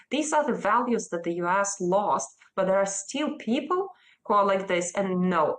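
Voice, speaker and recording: Russian-accented woman, interview guest, defiant and emphatic, mid-pitched voice. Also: a bit bright. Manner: emphatic, defiant, speaks in short insistent bursts.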